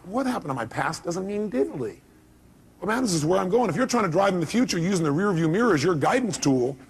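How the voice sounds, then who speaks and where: A man's voice: fairly high pitch, slightly rough. A man giving a live motivational seminar speech, talking emphatically and firing rhetorical questions at the audience. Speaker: motivational speaker.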